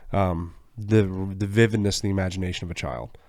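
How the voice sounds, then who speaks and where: A man's voice: deep voice, steady tone, fairly quick, darkish tone. A man co-hosting a podcast, thoughtful and asking questions. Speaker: podcast co-host. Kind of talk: casual podcast conversation.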